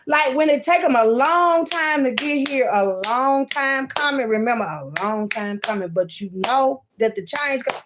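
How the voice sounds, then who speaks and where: A woman giving a card-reading monologue, swinging between loud outbursts and hushed asides and calling her listeners "baby" and "child". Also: a little high, creaky. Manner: talks to viewers as "baby" and "child".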